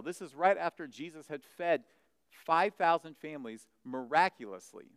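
A male pastor preaching a sermon. He retells a scripture passage and voices the doubting crowd with a rising, agitated pitch. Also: normal speed, clean tone, dry recording, long reverb tail.

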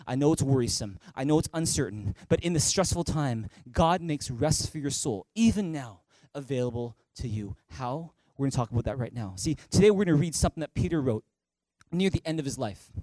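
A man preaching a sermon as pastor in an animated way, building to emphatic peaks and asking the listeners direct questions. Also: medium pitch, brisk, dry recording. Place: church stage.

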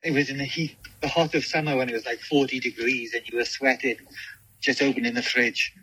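A man co-hosting a podcast in casual chat, playful and quick to laugh. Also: medium pitch, fairly even intonation, pushed and bright, husky, poor audio. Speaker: podcast co-host.

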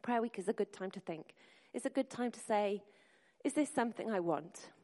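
A woman's voice: mid-range voice, animated, normal speed, dark tone. A woman preaching a sermon to a congregation in an earnest, encouraging way, speaking directly to the listeners. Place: church hall. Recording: long hall reverb.

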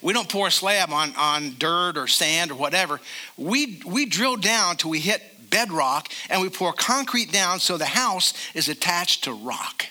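An older man preaching a sermon as a pastor, emphatic, and slowing down to stress key phrases. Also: high-pitched, lively intonation, bright, forceful tone.

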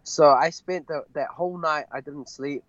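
A young man, an MMA fighter, telling a personal story in an interview, halting and full of fillers. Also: a little high, a bit bright, dry recording, lo-fi sound. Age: young adult. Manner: halting, many fillers and restarts.

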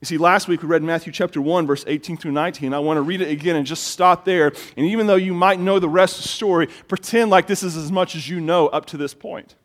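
A middle-aged man preaching a sermon as pastor, telling stories in an animated way and often repeating words as he gets excited. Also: on the high side, fast, few pauses.

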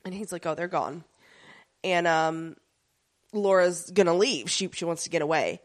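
A woman's voice: lowish voice, normal speed. A woman in casual conversation, animatedly recapping a TV episode and slipping into characters' voices. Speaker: podcast co-host recapping a TV episode. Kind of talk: casual chat.

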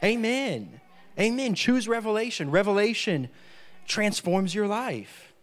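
A man's voice: sits high, big pitch swings, measured pace. A man preaching a sermon, emphatic, repeating key phrases and dropping in frequent amens.

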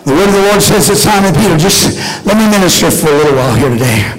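A man preaching to a congregation, shouting with passion at times and dropping to soft prayer at others. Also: a little high, animated, fast talker, rough recording. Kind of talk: sermon. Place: church with a congregation.

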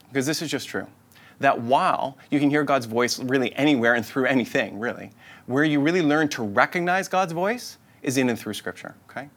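A man preaching as a pastor, earnest and inviting, often repeating himself for emphasis, and dropping to a soft voice to lead a prayer. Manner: earnest, repetitive, inviting phrasing; drops to a soft, low voice in prayer. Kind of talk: sermon.

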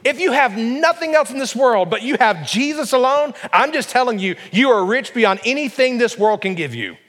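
A man's voice: very high-pitched, animated, moderate pace, fairly bright tone. A man preaching a sermon to his congregation, emphatic and full of rhetorical questions. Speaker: pastor. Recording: long reverb of a large hall.

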